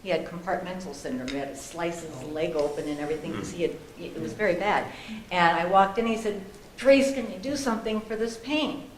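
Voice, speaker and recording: A woman panelist telling a lively story at a discussion panel, often laughing. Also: fairly low pitch, fairly quick. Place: conference room with an audience. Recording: echoey room with faint noise.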